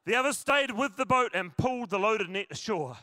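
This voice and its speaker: A pastor, a man preaching to his congregation in a high, bright voice. He is jokey and chatty and keeps talking to the crowd. The sound is close and dry, with no room echo. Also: lively intonation, a little fast. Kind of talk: sermon. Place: church service with a congregation.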